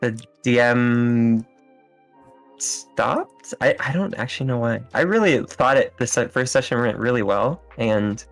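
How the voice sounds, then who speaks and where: A man as an interview guest, telling stories in a relaxed, rambling way with fillers and small laughs. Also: mid-range voice, a little slow, faint music behind. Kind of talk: casual interview chat.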